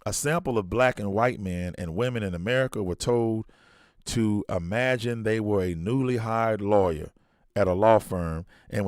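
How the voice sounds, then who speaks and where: A low-voiced man hosts a podcast, reading a study aloud in a halting way and correcting himself as he goes. Between passages he drops into blunt, casual commentary. The recording is dry and close. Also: a little mellow, no room sound. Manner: reads haltingly, restarts, blunt colloquial asides. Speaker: podcast host.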